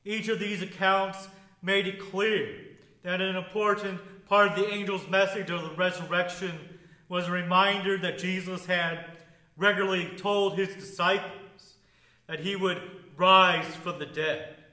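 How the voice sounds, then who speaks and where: A man preaching a sermon as pastor, with a measured, deliberate liturgical delivery. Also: high voice, steady tone, sharp tone, echoey room, low-quality recording.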